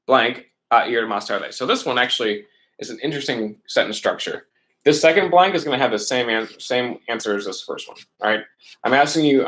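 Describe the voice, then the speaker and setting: A man's voice: mid-range voice, a bit bright, poor audio. A man teaching middle school Spanish, walking students patiently through a worksheet step by step and checking in with them often. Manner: patient, step-by-step explaining with frequent "right?" checks. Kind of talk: remote lesson walkthrough.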